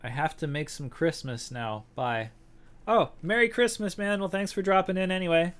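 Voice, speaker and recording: A man's voice: high-pitched, moderate pace, fairly bright tone, a little hiss or hum. Joking young man streaming a game. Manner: rambling and joking, thinking aloud while playing. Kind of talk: casual gameplay commentary.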